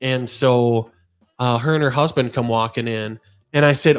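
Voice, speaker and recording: A man's voice: mid-range voice, fairly even intonation, normal speed, clear, resonant tone. A middle-aged man hosting a podcast, talking in an earnest, rambling way and telling stories with animation. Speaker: podcast host. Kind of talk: casual podcast chat.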